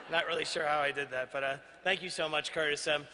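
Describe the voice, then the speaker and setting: A man from Queens, New York, accepts an award at a gala, giving an earnest, self-deprecating speech in a large banquet hall. His fairly high voice is pushed and bright, with fairly even intonation and normal speed. The recording carries the hall's echo plus slight background noise.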